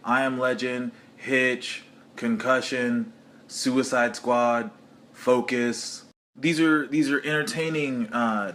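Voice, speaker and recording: A man ranting comically into the camera in a mid-pitched voice. He talks with animated, jumpy emphasis and keeps leaping up into a higher register to make his point. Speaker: vlogger. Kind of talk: comedic rant to camera.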